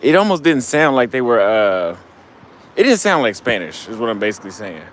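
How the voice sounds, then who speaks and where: A man's voice: medium pitch, big pitch swings, brisk, fairly bright tone. A tipsy, slightly breathless man talks loosely into his handheld camera outdoors on a night street. His voice sits mid-height, and faint traffic and city hum run behind him. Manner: loose, rambling, profane, trailing off mid-thought. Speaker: travel vlogger. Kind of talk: casual street vlog monologue.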